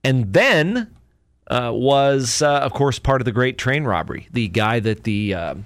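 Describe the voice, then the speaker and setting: A man talks through sports notes on his solo podcast, thinking aloud and correcting himself as he goes. His voice sits at an ordinary middle pitch. The sound is dry and close, with no room around it. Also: expressive, a little slow, no room sound. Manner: rambling, thinks aloud with many fillers and self-corrections. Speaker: podcast host. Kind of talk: casual solo podcast talk.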